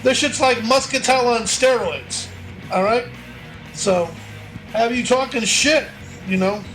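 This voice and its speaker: A male comedy host with a very high, bright voice rambles through a profane stand-up bit. He leans heavily on fillers and loose asides as he builds each joke. Faint music plays underneath. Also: unhurried.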